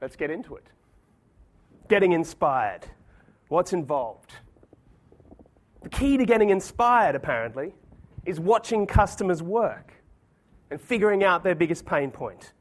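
Man, conference speaker, animated storyteller, pitched high. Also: unhurried, long pauses. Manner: storytelling, self-deprecating, animated. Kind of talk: conference talk with anecdotes.

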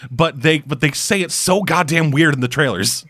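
A man's voice: fairly high pitch, moderate pace, a bit bright, no room sound. A man hosting a casual podcast, talking in a rambling, sarcastic way and swearing often. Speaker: podcast host.

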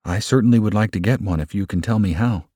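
Humble lame old man in a book reading, deep and plain, dry sound, as a man voices him. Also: fast, mellow, dry recording, close to an everyday voice. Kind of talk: audiobook reading.

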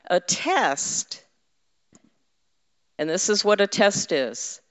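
A women's ministry leader preaches a conversational sermon, candid and funny, teasing her congregation. Her mid-range voice is very animated, with drawn-out words. The sound is echoey, as in a hall, and slightly dull.

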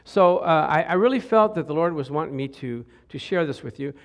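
A man's voice: fairly high pitch, animated, a little fast. Middle-aged male preacher, easygoing sermon voice, keeps asking the congregation questions. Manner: conversational, asks the crowd questions, jokes and laughs.

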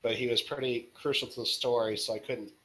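A man's voice: mid-range voice, fairly even intonation, brisk, fairly bright tone, rough recording. Laid-back joking male podcast guest. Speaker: podcast guest, story author. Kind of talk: casual interview chat.

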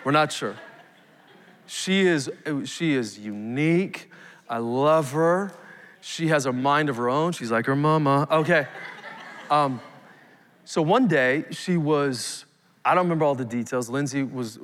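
A man's voice: mid-range voice, a little slow, fairly bright tone, slight background noise. Man preaching in a reverberant church. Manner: emphatic preaching with rising calls to the congregation. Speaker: pastor. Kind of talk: live sermon. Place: church sanctuary. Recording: long hall reverb.

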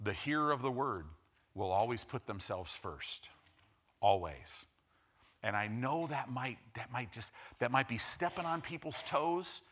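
Bright-voiced, impassioned male pastor. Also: mid-range voice, expressive, measured pace. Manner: impassioned, rises to loud emphatic preaching. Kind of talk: sermon.

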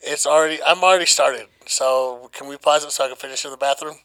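A young man telling a wild story in a casual podcast chat, swearing freely and animated. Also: mid-range voice, fast, poor audio. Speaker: podcast co-host.

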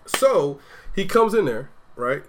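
A man's voice: on the high side, very animated, takes it slowly, a little hiss or hum. A man, an army veteran, telling stories in a casual chat. He is profane and slangy and acts out what others said.

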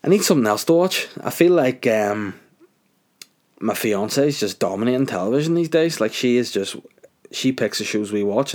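A man's voice: lowish voice, darkish tone. A young man rambling through a crude comedic monologue, swearing constantly.

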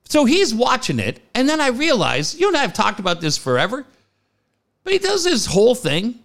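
A middle-aged man, co-hosting a sports talk show and telling stories in an excitable, profane way. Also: extremely high pitch, moderate pace. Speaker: sports radio co-host. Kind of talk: casual chat.

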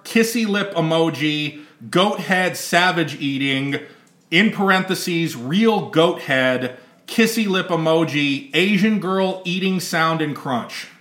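A man's voice: a little high, a little slow, bright, forceful tone, reverberant. A man hosting a casual podcast chat, rambling, laughing often and swearing freely. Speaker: podcast host.

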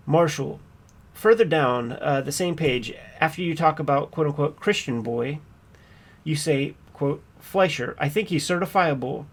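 A man playing a persistent trial attorney who cross-examines a witness in a measured, pointed way, reading from a court transcript. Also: fairly high pitch. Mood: pressing.

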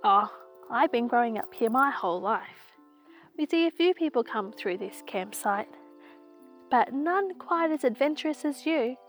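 A woman's voice: a little high, expressive, unhurried, soft background music. A woman voicing a friendly, chatty female wallaby in a bedtime story. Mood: cheerful. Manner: bright, eager storybook voice.

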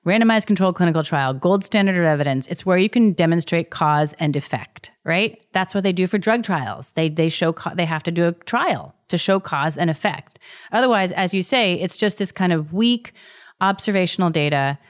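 Interview guest: author, middle-aged woman, smooth and resonant, low-pitched, animated explainer. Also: normal speed. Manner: animated, restarts sentences, explains at length. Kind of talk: conversational interview.

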